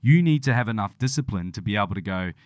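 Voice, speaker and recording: Rambling podcast guy, low voice. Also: lively intonation, fast talker, darkish tone, dry recording, clean studio sound. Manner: rambling storyteller, swears freely, acts out quotes. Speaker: podcast co-host. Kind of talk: casual chat.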